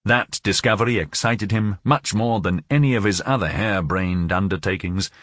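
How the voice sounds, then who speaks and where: A man narrating a novel as an audiobook, in a measured, expressive storytelling manner. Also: lowish voice, no echo, studio quality.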